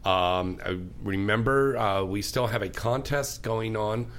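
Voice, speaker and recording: A man's voice: on the low side, unhurried, fairly bright tone, slight background noise. A man hosting a talk radio show, chatting in an effusive, enthusiastic way.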